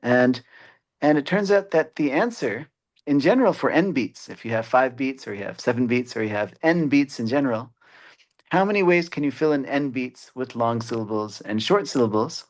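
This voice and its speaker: A man who teaches mathematics, giving a webinar lecture in an explanatory way and pausing often on "uh" fillers. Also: mid-range voice, lively intonation. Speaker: mathematics educator.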